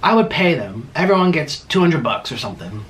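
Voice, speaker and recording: A young man chats loosely while eating on camera, talking with his mouth full and wandering from thought to thought. His pitch jumps up and down in a lively way. A faint hiss of noise sits under the voice. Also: a little fast. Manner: chatty, rambling, talks with mouth full. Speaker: mukbang host. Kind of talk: casual chat while eating.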